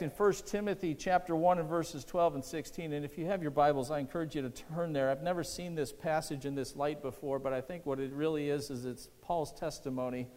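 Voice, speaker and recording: Pastor preaching in a reverberant church. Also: male voice, a little high, a little mellow. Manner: conversational preaching with questions to the congregation. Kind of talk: sermon. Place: church sanctuary. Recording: long hall reverb.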